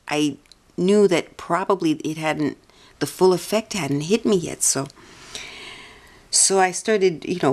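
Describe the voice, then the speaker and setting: A soft-spoken woman with a fairly low voice, telling a long personal story to her audience. She meanders, corrects herself mid-sentence and laughs often as she goes. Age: adult. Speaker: vlogger.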